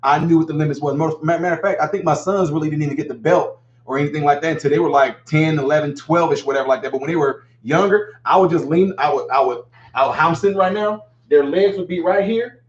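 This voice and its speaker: A middle-aged man hosts a casual call-in show, telling stories and acting out scenes. His voice sits a little high. The sound is echoey and dull, lo-fi. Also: quick pace. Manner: animated storyteller, acts out scenes. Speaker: host. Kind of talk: casual live call-in talk.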